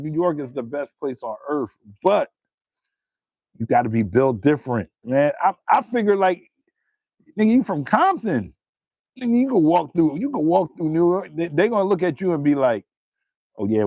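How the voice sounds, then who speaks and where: A young man from New Jersey with a New Jersey accent, chatting casually on a live stream, animated and profane, laughing often. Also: fairly high pitch, normal speed, dry recording.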